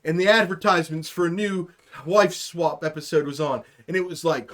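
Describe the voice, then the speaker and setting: A man's voice: fairly high pitch, moderate pace, a bit bright. A young man co-hosting a podcast, recounting a show in rambling, playful casual chat. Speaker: podcast co-host.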